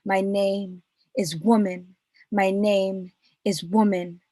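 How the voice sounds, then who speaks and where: A woman recites a spoken word poem in a slow, deliberate, repeating cadence. Her delivery stays level and even, with little rise and fall. The sound is dry and close, with no room around it. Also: medium pitch, no room sound. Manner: slow, measured, repetitive cadence. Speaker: poet. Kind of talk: spoken word poetry reading.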